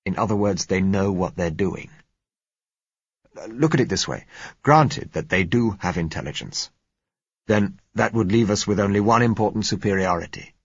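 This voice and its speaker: A man's voice: lowish voice, expressive, moderate pace, husky, no echo. A man reading the lines of an earnest man who argues his theories at length, in a lecturing way. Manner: argumentative, lecturing. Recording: muffled lo-fi recording.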